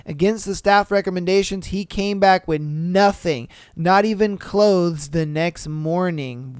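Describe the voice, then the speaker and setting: A man's voice: high voice, clear, resonant tone, no room sound, studio quality. A man hosting a podcast, reading listener stories aloud and reacting with laid-back, profane, joking asides. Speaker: podcast host.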